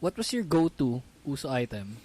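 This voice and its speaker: A man's voice: mid-range voice, very animated, fairly quick, warm tone. A man in his late twenties with a Filipino accent, hosting a casual podcast chat and teasing his co-hosts as he slips into Tagalog. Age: late 20s. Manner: playful, teasing, switching into Tagalog. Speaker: podcast host.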